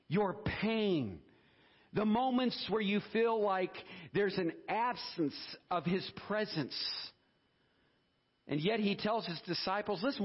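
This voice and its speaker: A husky-voiced man preaches with fervor, his pitch sitting high and swinging widely as he reads scripture and calls out praise. The sound is dull and lo-fi, like a church service taped on modest gear. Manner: fervent, animated preaching with exclamations. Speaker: pastor. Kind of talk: sermon.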